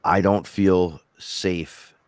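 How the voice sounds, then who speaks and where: A rapper co-hosting a podcast, telling rambling, animated stories in casual chat and quoting himself along the way. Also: male voice, deep voice, extremely slow, no echo. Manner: rambling, animated storytelling with self-quotes.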